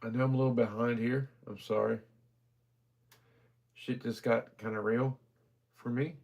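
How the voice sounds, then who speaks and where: A man's voice: mid-range voice, steady tone, unhurried, creaky, darkish tone. A man hosting a livestream auction, chatting casually and heartfelt with viewers, emotional and near tears as he thanks them by name.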